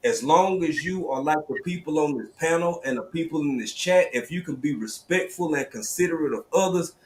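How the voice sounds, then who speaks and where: A man with a Southern US accent, hosting a live stream panel, telling stories in lively slang over a video call. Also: on the high side, fairly quick, roomy sound, slight background noise. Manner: animated, storytelling, drawling slang. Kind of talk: casual panel talk.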